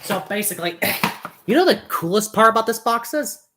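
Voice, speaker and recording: A woman's voice: fairly high pitch, expressive, moderate pace, background noise. A woman chatting casually on a live stream, rambling and giggling, with lots of fillers.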